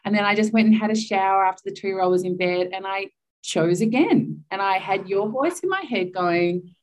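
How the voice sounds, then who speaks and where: A woman on a group video call, telling a story about her son in a reflective, animated way with quoted dialogue. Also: mid-range voice, normal speed. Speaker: group member and mother. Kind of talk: casual sharing on a video call.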